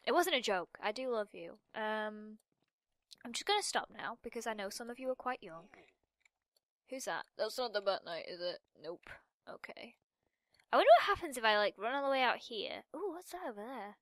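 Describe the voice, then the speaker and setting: A young woman giving bubbly, rambling commentary while playing a video game, with quick laughs between remarks. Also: fairly high pitch, animated, dry recording, studio quality. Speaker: gaming commentator. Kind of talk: casual Minecraft let's-play commentary.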